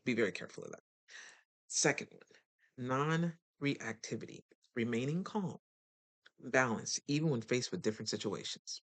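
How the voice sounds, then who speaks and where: Self-help host, casual motivational talk, middling pitch, chatty, direct, animated. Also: moderate pace. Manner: animated, acts out other people in quotes; chatty and direct, addresses listeners.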